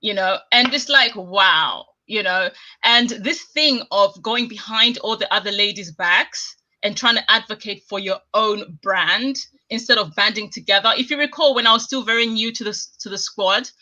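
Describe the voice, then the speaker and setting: A woman's voice: medium pitch, moderate pace, hardly any pauses, pushed and bright, muffled recording. A woman chatting on a live stream, talking emphatically in long run-on stretches with an indignant edge. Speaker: guest commentator. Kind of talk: casual live-stream chat.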